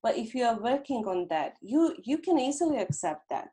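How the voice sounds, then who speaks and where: Gentle reflective woman therapist. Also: a little high, big pitch swings, normal speed. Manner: gentle, reflective, acts out inner dialogue. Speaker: hypnotherapist guest. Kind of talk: conversational interview.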